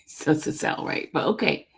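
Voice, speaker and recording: A woman hosting a live stream, reading a court document aloud in an informal, chatty way and stumbling over legal words. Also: moderate pace. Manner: chatty and informal between read passages. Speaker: channel host.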